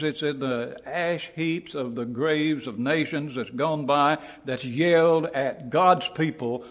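A man preaching a sermon in a church, telling stories with dramatic build and shouting out quoted lines. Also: medium pitch, long reverb tail.

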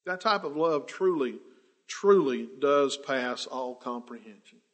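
A man preaching a sermon with passion, swinging between loud declarations and hushed, drawn-out words. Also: medium pitch, expressive.

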